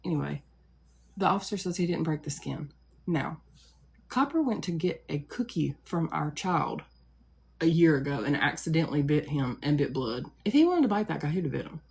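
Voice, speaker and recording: Low raspy-voiced woman venting on a live stream, rambly, lots of "like"s. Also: animated, moderate pace, darkish tone. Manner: rambling, with many likes and asides. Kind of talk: casual storytelling to a live audience.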